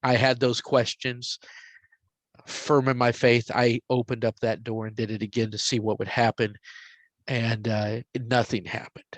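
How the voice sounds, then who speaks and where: A man in his forties tells a story in a casual, conversational way, his voice sitting at an ordinary middle pitch. He gets animated at the exciting parts and drops into a hushed whisper when he quotes the voices. The recording is dry and close, with no room sound. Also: measured pace, no echo. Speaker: podcast host telling a story.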